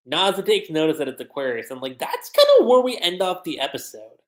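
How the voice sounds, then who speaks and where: Lively low-voiced woman recapping anime. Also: fairly quick. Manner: animated, casual slangy recap with many "like"s. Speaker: anime reviewer. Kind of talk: livestream episode recap and review. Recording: roomy echo.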